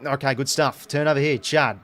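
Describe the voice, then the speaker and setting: A man's voice: mid-range voice, a little fast. Australian male host, live fan commentary, swings between hyped and frustrated. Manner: excitable fan commentary, groans and cheers. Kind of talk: live football watch-along commentary.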